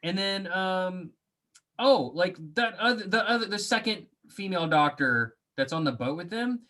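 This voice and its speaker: A man's voice: high-pitched, animated, normal speed, pushed and bright. A man co-hosting a podcast, chatting casually and giving rambling, opinionated takes on a movie. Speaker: podcast co-host.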